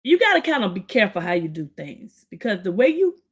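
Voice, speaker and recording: A woman's voice: medium pitch, big pitch swings, fast, breathy edge. A woman hosting a recap podcast, giving chatty, opinionated commentary straight to her listeners. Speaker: podcast host recapping a story. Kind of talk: casual commentary.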